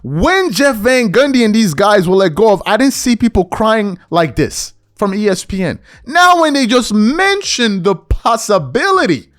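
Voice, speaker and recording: High-voiced, animated man ranting. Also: unhurried, hardly any pauses. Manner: animated, mocks others in high whiny voices. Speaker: podcast host. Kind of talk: opinion rant monologue.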